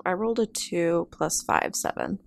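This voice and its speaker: A woman's voice: lowish voice, big pitch swings, normal speed, gravelly. A woman playing a tabletop game, talking playfully and laughing. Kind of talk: casual tabletop play.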